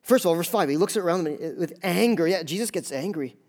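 A man's voice: high voice, lively intonation, fast talker, a little mellow. A man preaching a sermon in a church, talking conversationally and often asking the congregation questions. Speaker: pastor.

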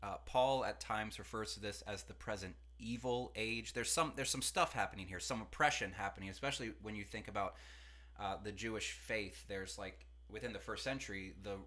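A man, a pastor and podcast host, teaching in a relaxed conversational way in a studio, acting out quotes with lively asides. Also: lowish voice, fairly quick. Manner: conversational, animated, acts out quotes.

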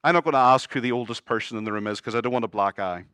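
A man's voice: mid-range voice, racing, bright, forceful tone, smooth, no room sound. A middle-aged man preaching a sermon earnestly, with humorous asides. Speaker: pastor.

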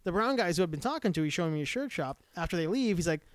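Animated high-voiced man, quick talker. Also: no room sound. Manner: laughs often, animated storyteller. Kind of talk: casual chat.

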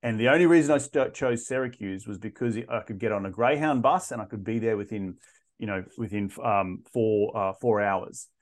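A man in his thirties, a podcast guest telling his story in a casual interview, animated and often restarting his sentences. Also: on the low side, moderate pace. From Australia. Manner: animated, frequent restarts and repeated words.

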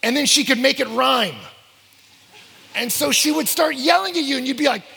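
A man preaching a sermon, telling stories and acting out dialogue in an animated way. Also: very high voice, normal speed, gravelly. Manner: animated, acts out dialogue in voices. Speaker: pastor. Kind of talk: sermon with storytelling. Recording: long hall reverb.

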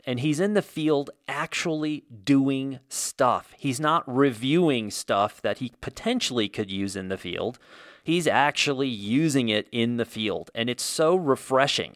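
A man's voice: mid-range voice, normal speed, a bit bright, dry recording, studio quality. Blunt, opinionated male podcast host. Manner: blunt, opinionated, ranting with mild swearing. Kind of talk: solo podcast monologue.

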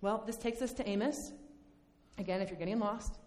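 A woman teaching a Bible study lesson in a conversational, animated way, acting out the lines she quotes. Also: medium pitch, fairly quick. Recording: long hall reverb.

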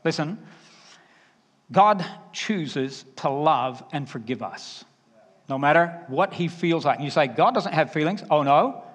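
A man with a Southern accent preaching a sermon, emphatic and conversational, dropping to quiet asides. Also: fairly high pitch, lively intonation, takes it slowly. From Alabama. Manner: emphatic, varies loudness, drops to quiet asides. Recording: reverberant hall.

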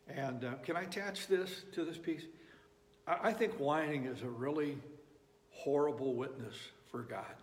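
A man's voice: medium pitch, moderate pace. A man preaching a sermon, emphatic and repeating phrases for effect. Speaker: pastor. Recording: echoey hall reverb.

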